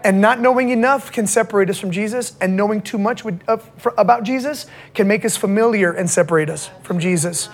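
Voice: medium pitch, a little fast, hardly any pauses. A pastor preaching to young people in a casual, slangy way, checking in with the audience again and again.

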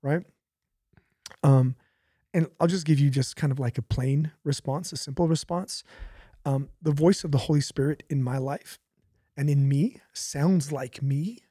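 Young man, pastor, husky tone, slightly high pitch, animated storytelling. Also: unhurried, no echo, studio quality. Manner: animated, storytelling with laughs and repetitions. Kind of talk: casual faith conversation.

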